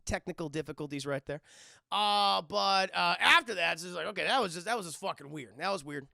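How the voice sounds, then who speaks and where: A man recapping a film for his live-stream chat in a rambling, excitable way, swearing a lot and restarting often. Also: sits high, brisk, creaky, no echo, clean studio sound.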